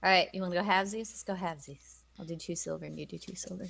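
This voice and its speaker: Woman player, fast talker, gravelly bright voice. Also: fairly low pitch, fairly even intonation, slight background noise. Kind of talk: casual tabletop chat.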